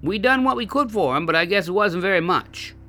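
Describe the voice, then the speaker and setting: A man voicing an excited, stuttering backwoods logger in a spoken storybook. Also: high voice, brisk, faint music behind, voice pushed up, heavily acted.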